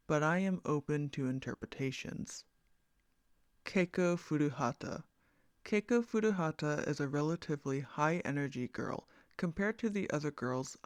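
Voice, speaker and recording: A man reading character descriptions for a casting call in a measured, plain way. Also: on the high side, no room sound, clean studio sound.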